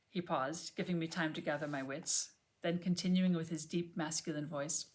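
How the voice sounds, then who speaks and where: Gentle, low-voiced woman reading an audiobook. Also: fairly even intonation. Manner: gentle, measured reading that drops to a near whisper. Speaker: audiobook reader. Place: home, on a sofa.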